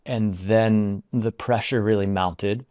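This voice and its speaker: A man telling a story in an interview about guiding people through retreats, speaking softly and haltingly with many "like"s. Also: fairly low pitch, steady tone, smooth, no echo, clean studio sound. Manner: soft-spoken, halting, full of "like". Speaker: retreat founder and guest.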